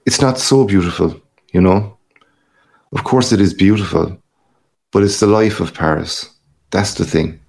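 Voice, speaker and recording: A boisterous, worldly journalist with a hearty, boastful swagger, as a man puts him on. He teases and brags in a low, gravelly voice. The lines come out lively and pushed up above the reader's plain tone. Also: a little slow, pauses often.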